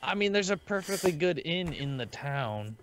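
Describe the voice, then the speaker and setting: Easygoing man, a little higher pitched. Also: sing-song, moderate pace, a bit bright, a little hiss or hum. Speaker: player. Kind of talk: casual tabletop play.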